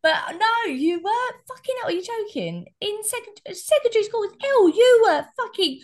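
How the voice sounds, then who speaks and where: A woman co-hosting a podcast in casual chat, animated and cheerfully sweary, reading out listener dilemmas. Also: extremely high pitch, moderate pace. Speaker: podcast co-host.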